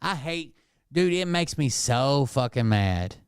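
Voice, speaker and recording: A man's voice: medium pitch, animated, takes it slowly, clean tone, no room sound, studio quality. A man doing casual, sarcastic live-stream commentary, mocking and swearing as he reacts.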